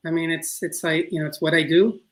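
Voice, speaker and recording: A man's voice: on the high side, little pitch movement, brisk, low-quality recording. A middle-aged man with a New York accent, a filmmaker talking casually in an interview, rambling with many restarts. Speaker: filmmaker guest.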